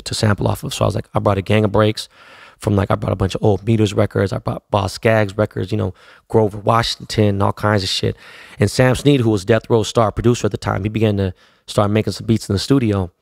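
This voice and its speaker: A man's voice: on the low side, flat delivery, fast talker, creaky, no echo, studio quality. A middle-aged man from Los Angeles, a DJ, telling a story in a loose, profane, slang-heavy way. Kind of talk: casual storytelling.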